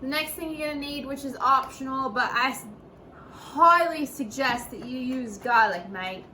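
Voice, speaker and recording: A woman's voice: high voice, normal speed, bright, forceful tone. A woman hosting a casual home cooking video in her kitchen, talking in playful, profane mock-chef banter. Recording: noisy room ambience.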